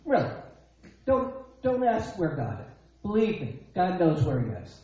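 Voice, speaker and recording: A male preacher delivers his sermon emphatically, repeating phrases and asking rhetorical questions. His voice sits a bit high and mellow. The recording is dull and lo-fi, with heavy room echo. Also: wildly swooping pitch, unhurried, slight background noise. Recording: echoey dull lo-fi sound.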